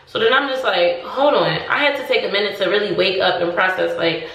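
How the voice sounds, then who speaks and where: A woman's voice: medium pitch, fairly quick, vocal fry, far from the mic, dull audio. Chatty woman telling a story, echoey room. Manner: chatty, animated, acts out both sides of conversations. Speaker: storytime vlogger. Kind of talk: casual storytelling to camera.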